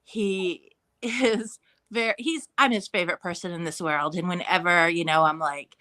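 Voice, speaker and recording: A woman in her forties speaks from a room at home through a video call. Her voice is bright and ringing, and she tells stories with animation, slipping into the voices of the people she quotes. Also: on the low side, normal speed. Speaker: guest author. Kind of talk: casual chat on a video call.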